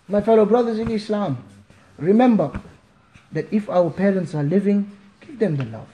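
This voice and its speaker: A man from Malawi delivering an emotional Friday sermon, impassioned and pleading, at times near shouting. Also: high-pitched, lively intonation, normal speed, pauses often. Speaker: preacher. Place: mosque. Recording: echoey mosque hall.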